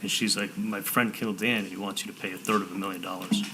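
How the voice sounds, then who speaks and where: Bright-voiced man testifying in court. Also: sits low, flat delivery, slight background noise, rough recording. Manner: halting, repeats words and restarts, retells quotes with "I'm like". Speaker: defendant testifying.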